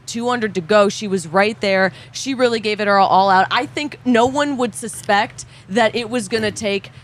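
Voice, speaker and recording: A woman giving measured, casual analysis of a race. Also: medium pitch. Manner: measured, analytical, laughs along. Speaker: track and field commentator.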